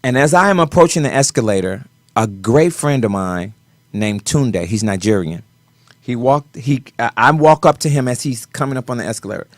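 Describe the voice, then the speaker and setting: Male talk show guest, mid-pitched and very dry, animated storyteller with big volume swings. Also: normal speed, no echo. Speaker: guest choreographer.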